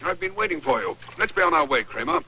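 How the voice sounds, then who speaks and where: An actor playing a formal older general with an English accent, giving halting but firm orders in a film drama. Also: male voice, sits high, creaky, pushed and bright, a little hiss or hum, heavily acted, poor audio. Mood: brisk.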